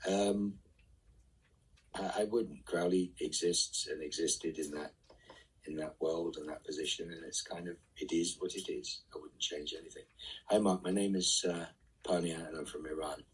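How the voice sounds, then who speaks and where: A man reading fan questions aloud and answering them casually in a live online Q&A, often trailing off into soft asides. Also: low-pitched, steady tone, normal speed, husky, distant mic, rough recording.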